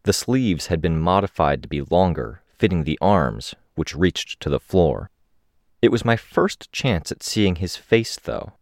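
Deep-voiced male audiobook narrator. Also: dry recording, studio quality. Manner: steady, descriptive first-person reading.

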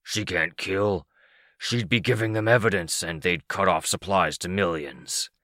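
A man's voice: measured pace, pushed and bright, no echo, clean studio sound. A man voicing a sinister male monster who hisses his words with cold mockery, in an audiobook reading. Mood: menacing. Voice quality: hiss from deep down. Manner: mocking, dismissive.

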